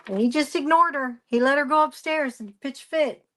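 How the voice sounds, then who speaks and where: A woman's voice: high-pitched, normal speed, sharp tone. A woman presenting a craft live stream, rambling through a story and greeting viewers by name as she works. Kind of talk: casual chat while crafting.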